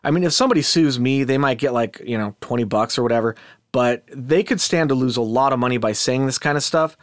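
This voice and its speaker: A man's voice: mid-range voice, fast talker, no echo. Chatty skeptical man, dry close sound. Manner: chatty, skeptical, with asides and restarts. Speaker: podcast host. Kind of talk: casual commentary.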